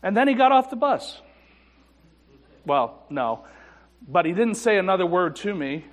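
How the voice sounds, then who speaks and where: A man preaching a sermon as a pastor, telling a personal story with dry humor and soft, reflective passages. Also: sits high, very animated, measured pace. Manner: personal storytelling with self-deprecating humor and hushed reflective moments. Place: church sanctuary. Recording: church sanctuary with long reverb.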